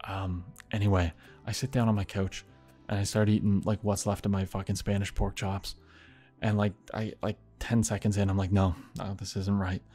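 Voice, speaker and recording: A young man tells a rambling personal story in a low, slightly husky voice. He swears freely and drops into muttered asides. Soft music sits faintly behind him. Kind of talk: casual storytelling.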